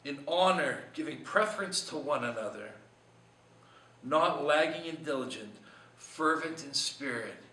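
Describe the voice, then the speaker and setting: A man's voice: a little high, animated, measured pace, sharp tone, roomy sound, far from the mic, low-quality recording. A man preaching a short devotional sermon in an earnest, conversational way, asking his listeners many questions. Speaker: pastor.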